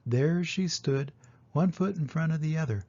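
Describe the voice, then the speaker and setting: An older man reading a children's storybook aloud, gentle and expressive, in a dull lo-fi recording. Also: fairly high pitch, normal speed. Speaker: storybook reader.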